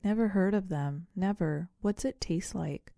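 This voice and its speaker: A woman doing a homely ghost mother's warm country voice. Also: medium pitch, a little slow, vocal fry, no room sound, studio quality. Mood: doubtful. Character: kindly old-fashioned ghost mother, fussing and homely.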